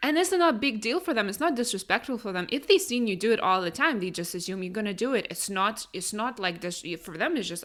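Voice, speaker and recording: Animated woman. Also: mid-range voice, fast talker, few pauses. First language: Lithuanian. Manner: animated, emphatic, with frequent fillers. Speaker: podcast co-host. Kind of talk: casual conversational podcast chat.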